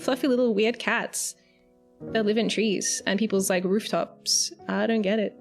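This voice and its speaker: A woman's voice: mid-range voice, steady tone, moderate pace, creaky, soft background music. A young Australian woman chatting casually on a live stream, rambling and giggling, with the odd swear word. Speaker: VTuber streamer.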